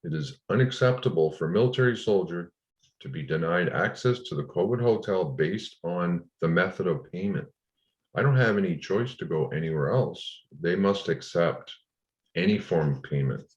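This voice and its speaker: Deep-voiced indignant man, lo-fi audio. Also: expressive, moderate pace, reverberant. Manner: indignant, frustrated. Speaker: interview guest. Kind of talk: recounting a personal ordeal in an interview. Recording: dull lo-fi audio.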